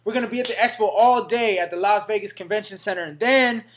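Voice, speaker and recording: Speaking fast in a voice that sits high, this man vlogs casually to camera about fitness for his fans. He's amped and slangy, with a Northern California accent, peppering every line with "man" and "baby."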